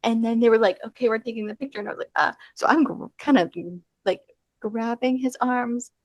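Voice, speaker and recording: A woman's voice: fairly high pitch, fairly even intonation, brisk, darkish tone, dry recording, muffled recording. A young adult woman co-hosting a podcast, telling rambling anecdotes full of fillers and quoted dialogue. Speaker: podcast co-host. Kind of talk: casual chat.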